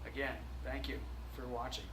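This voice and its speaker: A man's voice: medium pitch, level tone, normal speed. A man hosting a video, telling a spiritual experience in an earnest, plainspoken way. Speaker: host. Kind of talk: casual spiritual testimony. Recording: echoey room with faint noise.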